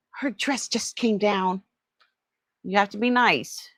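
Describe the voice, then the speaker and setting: A middle-aged woman chatting casually during an online jewelry sale, trailing off with fillers and switching to high cooing baby talk with her pet. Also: slow pace, pauses often, a bit bright, no echo. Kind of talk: casual live-sale chat.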